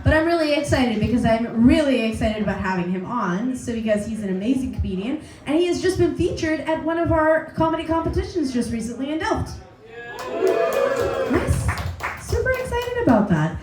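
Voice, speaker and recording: A woman hosting a comedy night, telling an animated story full of laughs and swearing before introducing the next comic. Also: high-pitched, normal speed, reverberant, low-quality recording. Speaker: comedy show host. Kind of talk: stand-up host introduction. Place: pub comedy stage.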